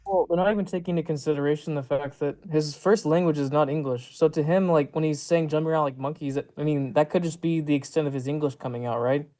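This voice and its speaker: A man's voice: on the high side, steady tone, fast, hardly any pauses, mellow, poor audio. A man giving blunt, opinionated takes as a guest on a casual football panel.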